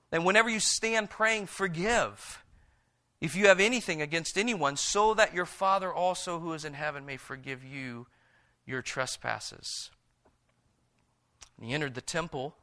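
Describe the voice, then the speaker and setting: A man preaching a sermon who reads scripture slowly and hushed, then retells it in lively everyday words. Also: a little high. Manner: reads scripture in a slow, hushed voice and paraphrases in a lively, animated one.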